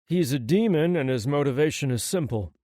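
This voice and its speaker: A confident, knowing demon hunter lays out the facts firmly, as a male narrator reads him. His delivery is matter-of-fact with lively pitch movement. The sound is dry and close. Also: brisk, dry recording, lightly acted. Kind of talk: audiobook character voice.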